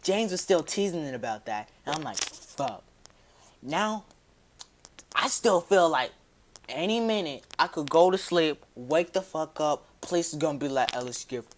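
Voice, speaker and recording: A man telling a personal story to his viewers in a casual, slangy, rambling way, dropping his voice low for quoted asides. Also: animated, measured pace, a little hiss or hum.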